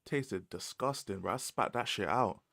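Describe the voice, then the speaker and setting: Young London guy, low-ish voice, loose slangy stream chat, dry close mic. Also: moderate pace, gravelly, dry recording. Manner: slangy and animated, laughs often, repeats phrases. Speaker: livestream host. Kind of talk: casual livestream chat about football.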